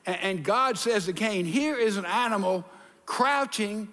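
An older man, a pastor, preaching an animated sermon in a church and acting out voices, with hushed asides. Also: sits high, a little slow. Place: church sanctuary. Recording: long hall reverb.

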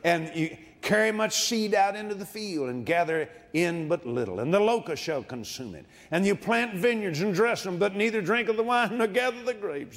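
High-voiced fervent shouting preacher man. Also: animated, normal speed, hardly any pauses, long reverb tail. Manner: fervent, shouting, laughing often. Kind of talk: sermon.

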